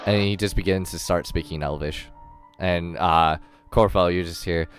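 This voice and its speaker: Low-voiced man running a tabletop game. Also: fairly even intonation, moderate pace, faint music behind. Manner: rambling, full of ums and self-corrections. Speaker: dungeon master.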